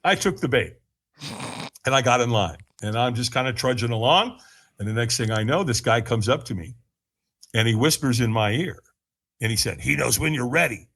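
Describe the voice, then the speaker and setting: A man's voice: animated, moderate pace, long pauses, fairly bright tone, breathy edge. A man on a podcast, telling his story with frequent laughs and acted-out quotes. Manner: laughs often, acts out quotes in a higher voice. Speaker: podcast guest. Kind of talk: animated storytelling.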